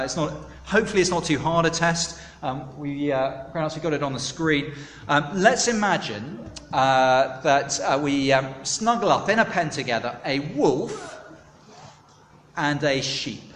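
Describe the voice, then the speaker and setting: A man preaching a sermon, chatty and animated, polling his listeners for answers. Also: on the high side, a little hiss or hum. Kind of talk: sermon with audience participation. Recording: echoey hall, long reverb.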